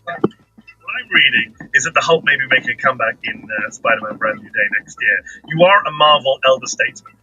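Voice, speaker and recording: A man interviewing a guest with upbeat, teasing and flattering questions. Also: medium pitch, fast talker, dull audio. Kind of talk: talk-show interview.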